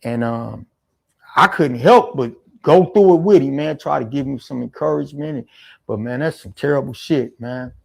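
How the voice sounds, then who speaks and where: A man's voice: medium pitch, moderate pace, creaky. A man telling a jail story in a casual, slangy, emphatic way as an interview guest. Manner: slangy, emphatic street talk.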